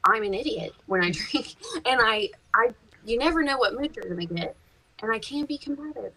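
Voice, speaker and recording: A woman, a podcast guest, chatting casually and telling lively stories, swearing freely and laughing as she goes. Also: on the high side, a little fast, breathy edge, poor audio. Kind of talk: casual chat, storytelling.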